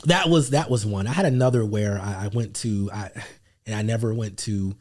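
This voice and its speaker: Husky low-voiced man chatting casually. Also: moderate pace. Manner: relaxed, rambling, many fillers. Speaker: guest, paternity testing business owner. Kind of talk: casual interview talk.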